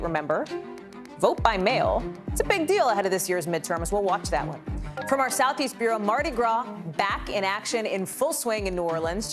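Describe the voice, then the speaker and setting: A woman anchoring live news, moving between headlines in a loose, conversational manner. She drops in casual personal asides as she goes. Music sits under her voice. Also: mid-range voice.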